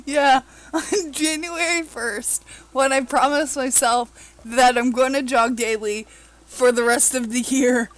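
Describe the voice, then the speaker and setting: A woman's voice: high-pitched, fairly even intonation, takes it slowly, rough recording. A woman giggling and teasing a friend while they watch a game together. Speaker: co-player friend.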